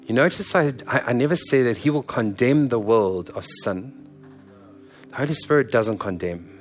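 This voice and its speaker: A man's voice: medium pitch, expressive, moderate pace, faint music behind. A male pastor giving a sermon in a candid, conversational, earnest way.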